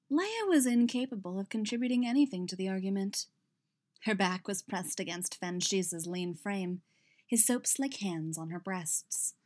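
A woman narrating a story in an unhurried, even reading voice. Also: lowish voice. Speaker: audiobook reader. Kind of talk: fan fiction narration.

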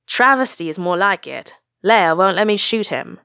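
A woman voicing an aging male smuggler, gruff and sarcastic, griping loudly at everyone around him. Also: mid-range voice, lively intonation, normal speed, no echo, clean studio sound. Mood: exasperated. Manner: sarcastic, complaining, loud.

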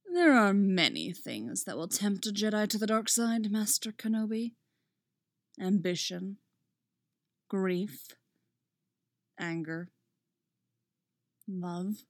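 A woman voicing a cold, menacing older male count, measured and calm, in a dry recording. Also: mid-range voice, no echo.

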